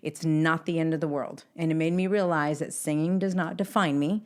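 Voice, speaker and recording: A woman's voice: sits low, steady tone, normal speed, darkish tone. A middle-aged woman hosting her own podcast, talking upbeat and chatty straight to her listeners. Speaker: podcast host. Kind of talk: casual solo podcast intro.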